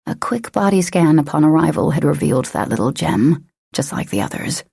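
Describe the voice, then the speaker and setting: A woman narrating an audiobook in a steady, measured reading. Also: low voice, vocal fry, husky, dry recording, studio quality. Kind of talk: scripted narration.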